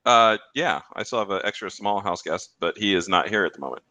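A man co-hosting a podcast, chatting in a relaxed, rambling way with hesitations. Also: low-pitched, brisk, dry recording. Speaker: podcast co-host. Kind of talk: casual chat.

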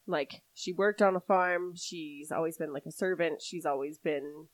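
A woman co-hosting a casual true-crime podcast, telling the story in an animated way and often laughing. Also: deep voice, moderate pace, dry recording. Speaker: podcast co-host.

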